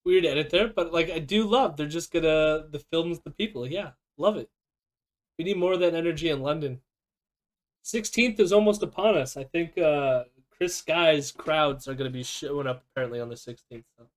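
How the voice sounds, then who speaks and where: A man's voice: fairly high pitch, normal speed. A man hosting a stream, reacting to a clip in casual commentary with a sardonic, swearing edge and frequent laughter. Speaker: streamer host.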